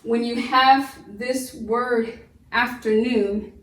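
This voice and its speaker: Woman, phonics teacher, fairly high voice, slow sounded-out syllables, echoey room, a bit off-mic. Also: fairly even intonation, distant mic. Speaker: homeschool teacher. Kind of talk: phonics lesson.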